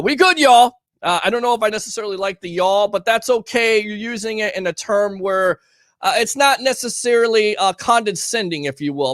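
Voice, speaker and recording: An energetic man hosting a live sports talk show, reading fan comments aloud with plenty of emphasis. His voice sits high for a man and comes across dry and close, with no room sound around it. He talks like a host keeping a call-in show rolling. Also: no echo.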